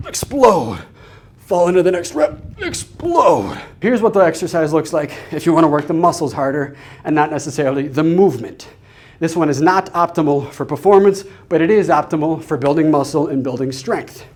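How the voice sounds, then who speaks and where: A man coaching a kettlebell workout, explaining each step clearly and energetically as he demonstrates. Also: on the high side, a little mellow. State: out of breath during demonstrations. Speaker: fitness coach. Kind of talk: instructional demonstration.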